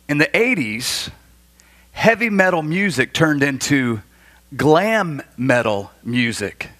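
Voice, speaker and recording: A man in his forties from Florida, preaching a sermon as a pastor and telling stories with animated, acted-out dialogue. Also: fairly high pitch. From Florida, USA. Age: 40s. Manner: animated storytelling, acts out dialogue. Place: church.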